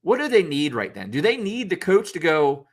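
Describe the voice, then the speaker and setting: A man's voice: fairly high pitch, huge pitch swings, moderate pace. A man who coaches youth football, talking through leadership in a loose, unscripted podcast debate, with lots of restarts and acted-out coach quotes. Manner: rambling, many restarts, acts out coach quotes.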